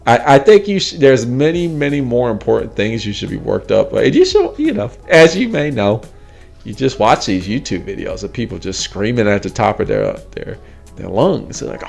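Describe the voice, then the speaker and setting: Guy in his 40s just chatting, gravelly, pitch jumps around a lot, laughs a bunch. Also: moderate pace, soft background music. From United States. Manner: animated, laughing often, mimicking people in a high voice. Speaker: host. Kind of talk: casual chat.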